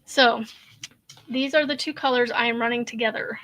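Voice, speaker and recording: A woman's voice: on the high side, steady tone, moderate pace, a bit bright. A woman from Kansas hosting a crochet live stream, chatting casually, laughing often and answering viewer comments as she works. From Kansas, USA. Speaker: crochet channel host.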